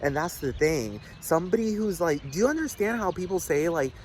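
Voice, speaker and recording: Young man, rambling casual monologue, heavy swearing, slightly high voice, faint street noise behind. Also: very animated, fairly quick, a little mellow.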